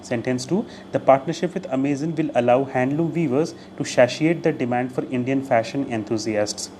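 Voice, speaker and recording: Male vocabulary teacher, mid-pitched and explanatory, repetitive delivery, light background noise. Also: normal speed, mellow. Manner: explanatory, repeats key phrases, occasional Hindi glosses. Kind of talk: video vocabulary lesson.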